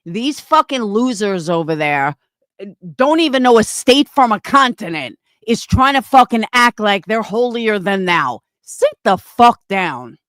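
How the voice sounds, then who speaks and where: A woman's voice: medium pitch, very animated, measured pace, a bit bright, dry recording. A woman hosting a livestream, ranting angrily and swearing constantly as she answers her chat, often repeating herself. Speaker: livestream host reading chat. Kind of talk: angry livestream rant.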